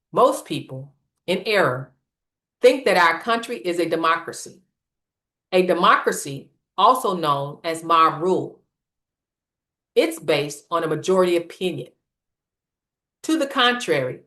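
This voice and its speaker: A woman presenting a scripted political lecture in a measured, emphatic reading style. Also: on the low side, sharp tone. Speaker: series presenter.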